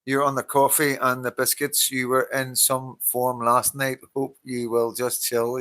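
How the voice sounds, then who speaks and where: A man's voice: mid-range voice, monotone, unhurried, few pauses, bright, forceful tone. A tired Northern Irish man hosting a casual live stream, greeting viewers by name, laughing often and swearing freely. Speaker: livestream host reading viewer comments.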